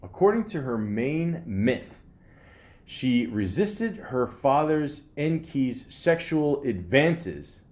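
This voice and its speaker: A man's voice: medium pitch, big pitch swings, slow, a little mellow. A man hosting a podcast in a casual rambling monologue, swearing freely, using lots of fillers, and reading facts aloud before riffing on them. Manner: rambling, profane, filler-heavy. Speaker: podcast host.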